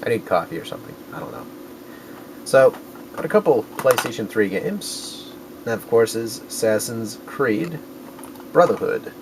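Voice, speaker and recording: A man's voice: medium pitch, very animated, moderate pace, background noise. A man rambling casually in a vlog about his collecting finds, correcting himself often and dropping crude jokes. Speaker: video game collector vlogger.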